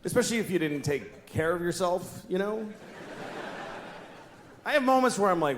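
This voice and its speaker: A man's voice: high voice, lively intonation, normal speed, long pauses. Wry man in his forties doing stand-up. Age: 40s. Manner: wry, rambling, self-deprecating. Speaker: stand-up comedian. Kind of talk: stand-up comedy routine. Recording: echoey room with noise.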